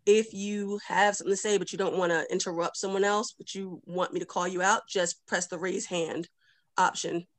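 A woman's voice: on the low side, fairly even intonation, moderate pace, no echo. Laid-back woman hosting a video call. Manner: laughing easily, laid-back and chatty. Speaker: host of a virtual discussion club. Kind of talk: casual video-call chat.

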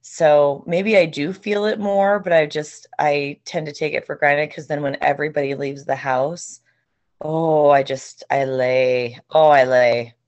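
Woman, deep voice, podcast co-host, casual candid chat, occasional swearing. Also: steady tone, measured pace, darkish tone, highs cut off.

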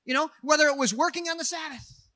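High, bright-voiced pastor preaching. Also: male voice, quick pace, dry recording. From Minnesota. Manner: animated, joking, swings from quiet asides to shouts. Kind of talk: sermon.

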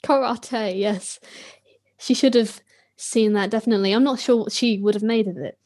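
A woman's voice: medium pitch, normal speed, darkish tone. A woman co-hosting a podcast, reviewing a TV episode in casual chat with a wry, lightly sarcastic manner. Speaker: podcast co-host.

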